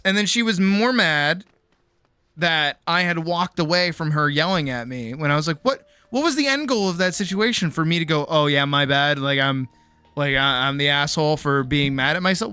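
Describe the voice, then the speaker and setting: Animated streamer with a bright, clear voice. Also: male voice, a little high, moderate pace, no room sound. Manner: animated, acts out both sides of conversations; frequent restarts and repeated words. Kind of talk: casual storytelling chat on a livestream.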